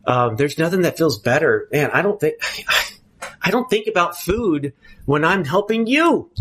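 A man's voice: on the high side, expressive, measured pace, fairly bright tone, husky. A man speaking candidly at a twelve-step recovery meeting, earnest and emphatic, often restarting his phrases.

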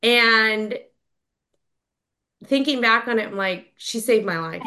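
A woman in her thirties giving a personal share at a recovery meeting, candid and halting, with many fillers and restarts. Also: on the high side, pushed and bright. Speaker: member sharing at a recovery meeting.

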